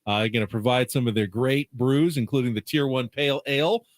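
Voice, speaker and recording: A relaxed man co-hosting sports radio and reading the sponsor plugs in a matter-of-fact way. His voice sits at a middle pitch. The studio sound is dry and close. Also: a little fast, dry recording. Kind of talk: radio chat and sponsor reads.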